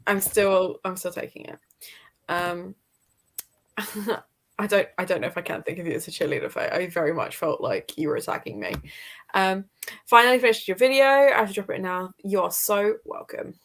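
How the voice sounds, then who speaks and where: A woman's voice: medium pitch, animated, moderate pace, a bit bright. A British woman hosting a livestream, chatting casually and reading viewers' comments aloud with frequent laughter. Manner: chatty, laughs often between thoughts. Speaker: livestream host.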